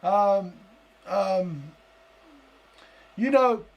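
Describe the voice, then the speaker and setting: A man from Florida, hosting a live stream and delivering a heated, blunt, profane political rant that sometimes breaks into shouting. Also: high voice, extremely slow, muffled recording. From Lee County, Florida.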